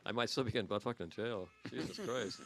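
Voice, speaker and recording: A man in his sixties hosting a podcast, telling crude stories quickly and laughing between lines. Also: on the low side, fairly bright tone. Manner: fast, crude, laughing anecdotes. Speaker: podcast host. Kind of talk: raunchy casual storytelling.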